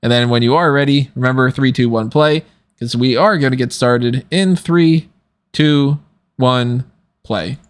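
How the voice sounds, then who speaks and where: Late at night and audibly tired, a male podcast host chats through casual commentary, rambling easily and laughing a lot. His voice is medium-pitched and his pace is normal.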